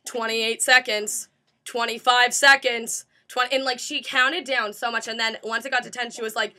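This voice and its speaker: Bright, lively young woman telling a story. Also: on the high side, fast talker. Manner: animated, imitates a presenter, laughs often. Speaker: guest storyteller. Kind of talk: casual comedic storytelling.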